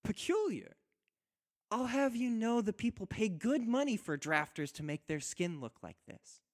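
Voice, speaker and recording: A man's voice: sits high, big pitch swings, a little slow, voice pushed up, exaggerated voice. A man voicing a spirited young warrior woman. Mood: playful teasing. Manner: teasing, then tearful and earnest.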